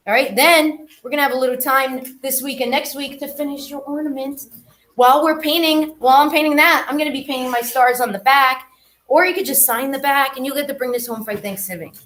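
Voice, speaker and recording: A woman's voice: sits high, fairly bright tone, roomy sound, slight background noise. Chatty woman art teacher in a classroom. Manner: chatty, talks straight to students.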